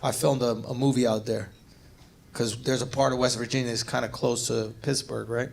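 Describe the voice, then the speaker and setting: A man's voice: mid-range voice, level tone, fairly quick, creaky. A man doing brash, teasing crowd work on a comedy stage, riffing with the audience on a handheld mic and laughing at his own lines. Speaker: stand-up comedian. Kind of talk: live stand-up crowd work. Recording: live show with loud crowd noise.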